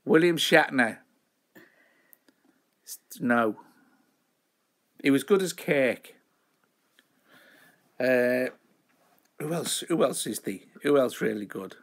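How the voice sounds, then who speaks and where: A man's voice: mid-range voice, lively intonation, slow pace, long pauses. A man hosting a live show, chatting in a rambling, self-mocking way. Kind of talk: casual live-stream chat.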